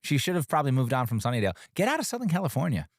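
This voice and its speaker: An animated man co-hosting a casual podcast chat. His pitch swings widely, and he often jumps high to quote characters. The sound is dry and close. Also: very fast, no echo. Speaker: podcast co-host.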